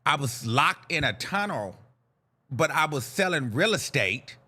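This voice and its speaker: A man with a high voice tells a long, wandering story on his podcast. His tone is bright and sharp, and he is loose and profane, jumping into other people's voices as he goes. It sounds like casual talk, not a reading. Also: measured pace, breathy edge. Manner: animated, rambling, profane, acts out voices in the story. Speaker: podcast host.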